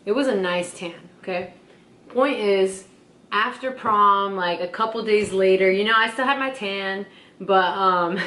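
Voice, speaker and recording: A woman's voice: mid-range voice, fairly bright tone. Sister co-host, young woman under the weather, rambling storyteller, roomy echo. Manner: chatty storyteller, lots of "like" and "okay?". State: sick. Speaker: vlog co-host. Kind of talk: casual chat.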